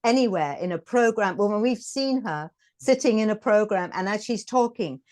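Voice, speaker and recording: A woman's voice: mid-range voice, lively intonation, moderate pace, a little mellow. Woman interviewer, encouraging, prompts guest, casual.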